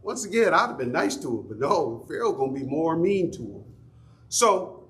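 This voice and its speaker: Middle-aged male Bible teacher with a somewhat high voice, chatty, quizzes his class. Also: sing-song, normal speed, a bit bright, a little hiss or hum. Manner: conversational, folksy, asks the class questions. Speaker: Sunday school teacher. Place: church classroom.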